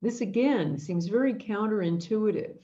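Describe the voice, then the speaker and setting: A woman's voice: mid-range voice, moderate pace, mellow, lo-fi sound. A woman hosting an intention webinar, telling a story in an earnest, reflective way. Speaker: host leading an intention webinar.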